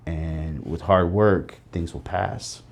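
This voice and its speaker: A man's voice: low-pitched, slow, vocal fry. A middle-aged man speaking as an interview guest, telling his life story in an earnest, reflective way. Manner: earnest, reflective, tells stories with quoted voices.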